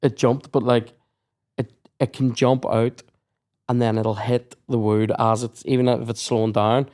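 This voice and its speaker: A man's voice: mid-range voice, flat delivery, a little slow. A young man, hosting a podcast and telling sweary school stories in casual chat. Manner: sweary storytelling, acts out shouted quotes. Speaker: podcast host.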